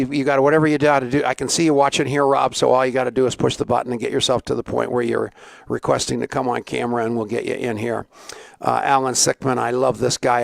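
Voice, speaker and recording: A man's voice: medium pitch, vocal fry, no room sound. A middle-aged man hosting a live online show, chatty and rambling, greeting viewers by name. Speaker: show host.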